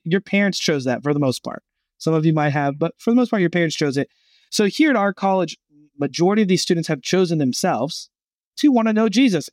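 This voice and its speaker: Guest voice: a fairly high-pitched man, animated storyteller, dry close recording. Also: dry recording. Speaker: gap year program guest. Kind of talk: podcast interview, storytelling.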